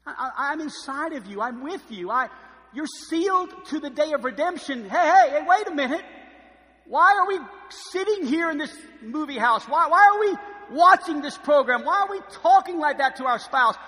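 A pastor acting out the Holy Spirit as a bright, high, insistent inner voice that stammers out one pleading question after another. It rings through a roomy, echoing hall. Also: male voice, expressive, moderate pace, exaggerated voice. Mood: alarmed pleading.

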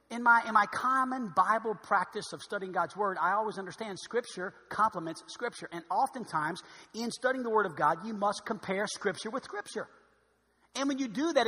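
A man preaching a sermon as pastor, swinging between loud emphatic stretches and quiet asides. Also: high voice, slightly rough. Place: church sanctuary. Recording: long hall reverb.

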